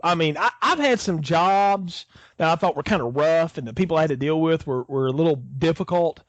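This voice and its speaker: A man co-hosting a podcast in casual chat, animated, often chuckling as he talks. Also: fairly high pitch, brisk, dry recording, dull audio. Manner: animated, chuckles while talking. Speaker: podcast co-host.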